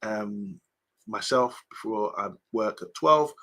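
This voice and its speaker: A man with a lowish, bright, forceful voice and a husky edge hosts a casual live stream. He rambles through viewer comments, filling gaps with ums and restarting his sentences as he chats along. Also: takes it slowly. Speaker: host of a fan live stream.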